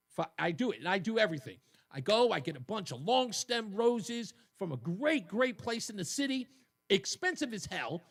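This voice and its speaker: A man in his fifties hosting a talk radio show, telling a story in an animated way and laughing at his own jokes. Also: fairly high pitch. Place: radio studio.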